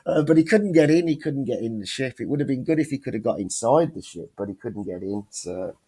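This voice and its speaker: Speaking fairly quickly in a husky, medium-pitched voice, a man co-hosts a laid-back chat show. He's a lively storyteller whose speech is packed with constant swearing.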